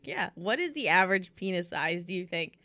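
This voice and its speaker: A woman's voice: on the low side, animated, brisk, bright, forceful tone, no room sound. A woman co-hosting a podcast in casual chat, crude and teasing, laughing often. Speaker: podcast co-host.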